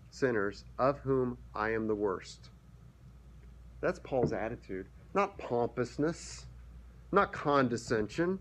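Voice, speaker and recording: A man preaching a sermon as pastor, earnest, often restarting his words and reading scripture passages aloud. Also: mid-range voice.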